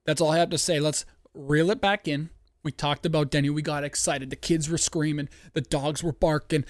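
Hyped, profane betting podcast host. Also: male voice, a little high, fairly even intonation, normal speed, no room sound, clean studio sound. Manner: hyped and profane, breaks into yelling. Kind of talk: excited sports-betting podcast monologue. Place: home studio, dogs nearby. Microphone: close podcast mic.

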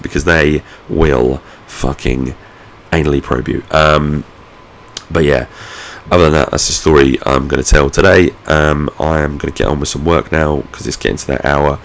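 Deep gravelly brit guy rambling thru a story at home, swears a lot, takes the mick out of himself. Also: steady tone, moderate pace, slight background noise. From United Kingdom. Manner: sweary, rambling, self-mocking. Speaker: vlogger. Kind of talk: casual anecdotal storytelling. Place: at home, indoors.

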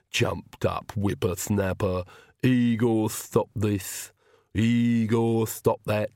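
A man voicing Igor, a hunched male servant who mutters slow grumbling complaints under his breath. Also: mid-range voice, warm tone, dry recording, clean studio sound.

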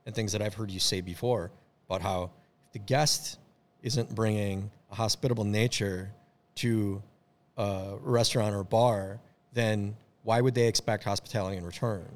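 A man's voice: fairly low pitch, fairly even intonation, normal speed. A man co-hosting a podcast, talking in a casual, reflective way.

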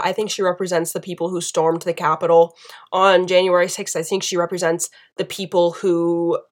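A woman from the United States delivering a passionate political opinion monologue, emphatic and piling up repeated phrases. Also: medium pitch. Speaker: political commentator.

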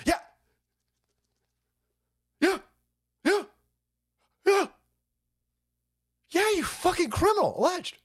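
High, animated, foul-mouthed male ranter. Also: unhurried, pauses often. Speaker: streamer host. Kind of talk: profane political comedy rant.

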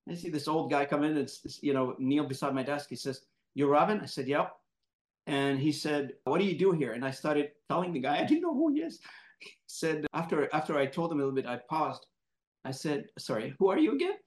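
Host, male, slightly high voice, animated storyteller, roomy echo. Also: a little fast. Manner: animated, laughing storyteller who acts out quotes. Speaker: podcast host, moderator. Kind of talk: casual storytelling in conversation.

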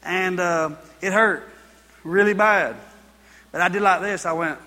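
A man's voice: high voice, fairly even intonation, a little slow, sharp tone, in a large hall. A man preaching a sermon. He tells folksy personal stories and builds to repeated exhortations. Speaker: pastor.

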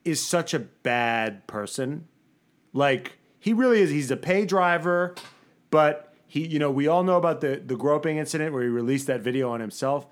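A man co-hosting a casual podcast, his voice sitting a little higher than most. He rants with animated energy, swears freely and mocks people with quick put-on voices. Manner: animated, swearing, mocking impressions. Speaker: podcast co-host. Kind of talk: casual chat.

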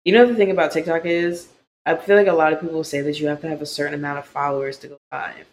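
A podcast co-host telling a story in a casual live-stream chat, animated and laughing often. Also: medium pitch, fast talker. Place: indoor room, streaming live. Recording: roomy echo, faint background hum.

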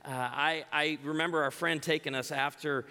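A middle-aged man from the Chicago area preaches to a church crowd, telling funny stories and acting out the people in them. His voice is bright and fairly high, and it carries through a big hall with a long reverb. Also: normal speed, clean tone. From Chicago area, United States. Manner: animated storytelling, acting out quoted voices. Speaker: guest speaker. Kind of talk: humorous church message. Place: large church auditorium.

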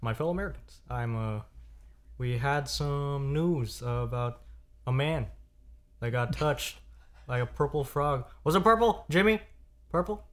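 A man impersonating a male president giving a press briefing, halting and slow, slipping into a southern-ish drawl. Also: mid-range voice, lively intonation, a bit bright. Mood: mock solemn.

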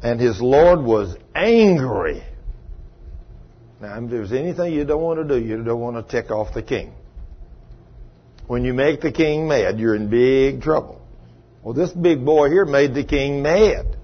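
A man's voice: medium pitch, lively intonation, a little slow, pauses often, breathy edge. An older man preaching a sermon, telling the story in a folksy way and acting out the lines of the people in it. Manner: folksy storytelling with acted-out dialogue. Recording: muffled lo-fi recording.

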